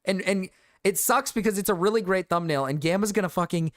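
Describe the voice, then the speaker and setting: A man's voice: sits high, fairly quick, no room sound, studio quality. Brief: male streamer, profane sarcastic reaction rant. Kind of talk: reaction commentary.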